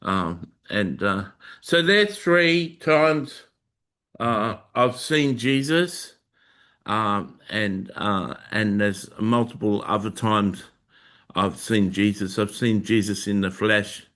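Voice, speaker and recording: A man hosting his own channel, telling a personal religious testimony in a halting way with many filler sounds and restarts. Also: fairly low pitch, a bit bright. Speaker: Christian video host sharing testimony.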